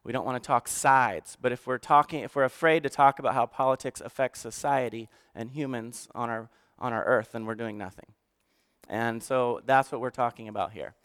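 Smooth-voiced pastor telling stories. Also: male voice, medium pitch, fairly quick. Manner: animated, joking, then earnest and emotional. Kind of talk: conversational sermon with storytelling.

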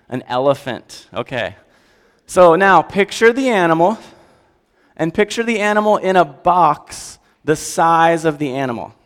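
A man gives a sermon in a casual, animated style and often turns to the audience with questions. His voice sits a little high for a man. The sound carries a long hall reverb. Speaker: pastor.

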